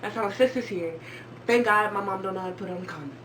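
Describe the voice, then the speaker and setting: A woman in her twenties telling a story casually and jokingly on a vlog, jumping into squeaky high voices when she quotes people. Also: fast, background noise. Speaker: vlogger. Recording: far from the mic with clear background music.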